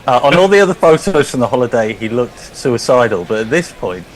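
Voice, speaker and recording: A man's voice: mid-range voice, big pitch swings, a little fast, a little hiss or hum, poor audio. A man co-commentating on cricket, telling long stories between balls and often restarting his sentences. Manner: rambling storyteller, restarts often. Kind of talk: anecdotal commentary chat.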